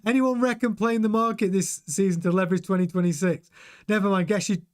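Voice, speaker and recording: A middle-aged man with a high-pitched voice hosts a live stream, speaking a little fast as he reads the chat. He's chatty and animated, often repeating words and restarting sentences.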